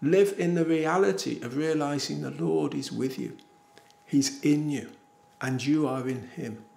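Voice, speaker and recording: An older English man delivers a sermon with earnest emphasis, his voice slightly high and gravelly. He leans on repeated phrases to drive each point home, and the sound carries the echo of a small church room. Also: unhurried, darkish tone. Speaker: preacher.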